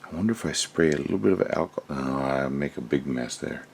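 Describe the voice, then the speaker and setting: A man's voice: extremely low pitch, lively intonation, fast, creaky, a little hiss or hum. A man doing casual crafting commentary at home, rambling and thinking aloud as he works. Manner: rambling, chatty, thinks aloud while working. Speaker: resin crafter.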